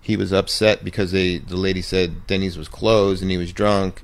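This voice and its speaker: A man's voice: deep voice, normal speed. A middle-aged man, a former ballplayer and podcast co-host, telling a long story in casual chat and acting out the voices of the people in it. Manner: animated anecdote teller who acts out quoted voices.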